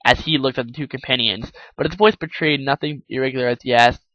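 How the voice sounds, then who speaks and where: A man's voice: mid-range voice, fast, dry recording, dull audio. Man casually reading fan fiction aloud. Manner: stumbles, self-corrects, laughs at the text. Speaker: narrator.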